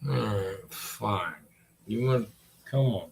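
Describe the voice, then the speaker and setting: A man's voice: lowish voice, takes it slowly, gravelly. A man in his forties rambling in a casual, profane chat and talking to his dog. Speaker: vlogger.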